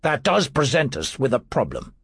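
A man voicing a dry, measured Roman general in an audiobook. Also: medium pitch, huge pitch swings, breathy edge, dry recording, full character voice. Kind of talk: audiobook character voice.

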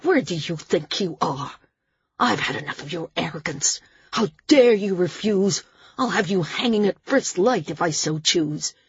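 Brief: a woman playing a sneering, rage-prone male island lord in an audiobook, husky and low-pitched. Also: expressive, measured pace, no echo, muffled recording, full character voice. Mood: enraged. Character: cruel, volatile male island ruler.

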